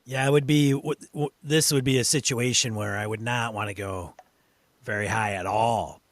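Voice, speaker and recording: A man's voice: mid-range voice, fairly even intonation, normal speed, dry recording. A man co-hosting a casual gaming podcast, thinking aloud with wry asides. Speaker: podcast co-host.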